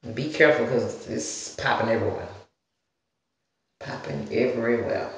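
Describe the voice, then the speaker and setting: A woman's voice: rumbling low, expressive, moderate pace, gravelly. Southern lady rambling thru a hair vlog at home, lots of y'all and girl, really echoey room. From Southern United States. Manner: chatty, talks straight to viewers with y'all and girl. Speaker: hair-care vlogger. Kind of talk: casual rambling tutorial vlog.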